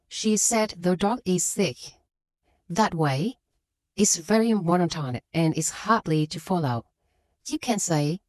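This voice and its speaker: A woman for whom is a gives a scripted lesson in a fairly low but very lively voice, pushing hard on the words she wants to stress. The recording is close and dry, with no room sound. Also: dry recording. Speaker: English teacher.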